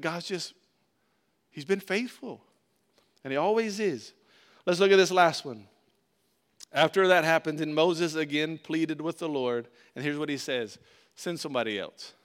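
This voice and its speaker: A man preaching as pastor, talking to his congregation in a loose, conversational way. His voice sits a touch high and comes through smooth and clear. He slips into short spoken bits as God and Moses. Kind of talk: sermon.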